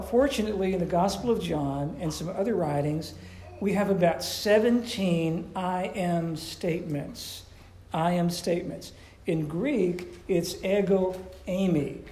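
A man's voice: high voice, gravelly, mellow, roomy sound, rough recording. A man preaching a sermon as a pastor and counselor, teaching in a conversational way with rhetorical questions.

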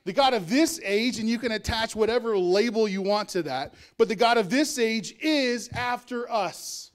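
A man's voice: sits high, moderate pace. A male pastor preaching a sermon in a conversational way, with asides and chuckles.

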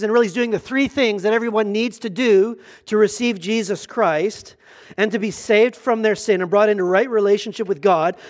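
Man, middle-aged pastor, sermon, high voice, conversational, earnest, humorous asides, restarts.

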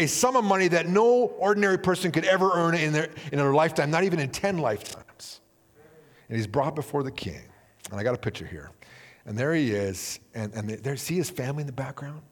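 A man preaching a sermon, telling a parable with animated storytelling and acting out the characters' voices. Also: long reverb tail. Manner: animated storytelling, acting out characters with big swings in pitch and volume. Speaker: pastor.

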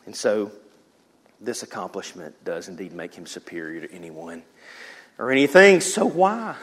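A pastor preaching a sermon in a church, swinging from loud emphasis to hushed near-whispers and acting out quotes. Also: male voice, mid-range voice. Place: church sanctuary.

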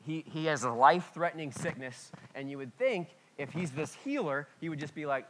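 A man preaching a conversational sermon as a pastor, candid and self-deprecating, with sudden swings between loud and quiet. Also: on the high side, fairly quick, slight background noise. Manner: lively, sudden swings in loudness.

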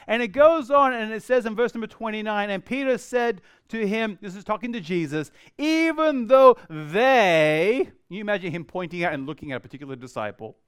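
A middle-aged man preaching a sermon in a church, acting out the quoted voices and swinging from loud to very quiet. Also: high-pitched, animated, moderate pace, few pauses, smooth, no room sound, studio quality. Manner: dramatic, acts out quoted voices, varies loudness widely. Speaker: pastor.

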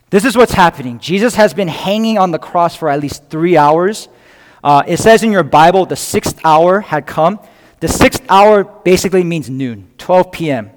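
A man's voice: fairly high pitch, expressive, moderate pace, in a large hall. A man preaching a sermon, telling the story in an earnest way and acting out the crowd's voices. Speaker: pastor.

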